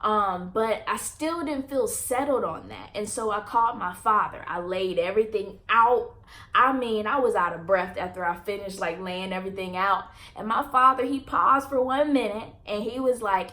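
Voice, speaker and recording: A woman's voice: medium pitch, moderate pace, pushed and bright. A young woman vlogger earnestly telling a personal story to her viewers and addressing them as y'all.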